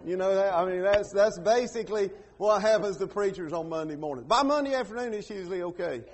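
High-voiced pastor preaching. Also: male voice, fast. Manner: folksy preaching with sudden loud acted quotes. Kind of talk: sermon.

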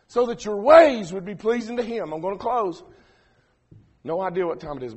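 A preacher, delivering a sermon that swings from quiet asides to shouted emphasis. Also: male voice, sits high, expressive, moderate pace, slightly rough. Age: 40s.

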